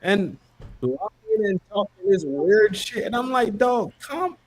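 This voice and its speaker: Man, high voice, big pitch swings, profane, repetitive, heated video-call argument. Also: animated, unhurried, slightly rough. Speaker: panel guest. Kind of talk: heated online panel argument.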